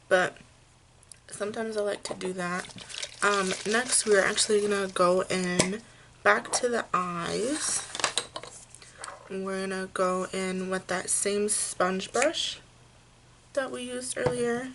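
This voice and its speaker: A woman giving a makeup tutorial, explaining each step slowly and gently, with frequent fillers. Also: mid-range voice, steady tone, noisy background. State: hiccups. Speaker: makeup vlogger.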